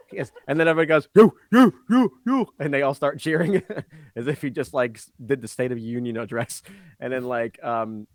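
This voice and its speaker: A man of middling pitch runs a tabletop game as game master, describing scenes in a loose, rambling way with lots of ums and laughter. The mic is close and the sound dry, without room echo. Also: steady tone, brisk. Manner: rambling, giggly narration full of ums.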